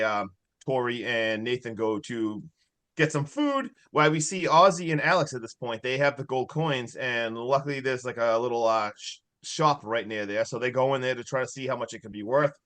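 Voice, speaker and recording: A man co-hosting a podcast, excitedly recapping a horror movie in casual chat. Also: medium pitch. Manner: excitable, swears, recaps in quick bursts with laughs. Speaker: podcast co-host.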